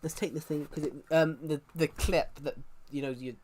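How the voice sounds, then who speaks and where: A man's voice: fairly high pitch, fairly even intonation, moderate pace, a little mellow, a little hiss or hum. Male streamer, casual chat, rambling, talks in fits and starts. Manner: rambling, restarts sentences often. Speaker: livestreamer.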